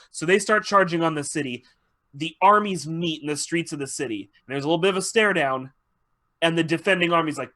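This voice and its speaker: A man's voice: on the high side, normal speed, sharp tone. A man hosting a podcast, casually retelling a TV episode in a rambling, profane way and acting out the characters' lines. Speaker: podcast host.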